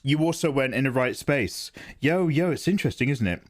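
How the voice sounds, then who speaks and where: A man chats loosely with his livestream audience, rambling from one thought to the next. His pitch moves lively up and down, and he often breaks into laughter. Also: fairly quick. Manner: animated, rambling, laughs into his own impressions. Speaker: livestream art streamer. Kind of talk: casual livestream chat.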